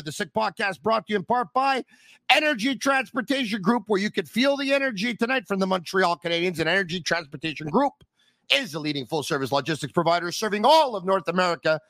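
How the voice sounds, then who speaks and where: A man hosting a sports podcast, talking with animated, theatrical energy and reading sponsor spots. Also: sits high, brisk, dry recording. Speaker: podcast host. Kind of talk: energetic sports talk and live ad reads.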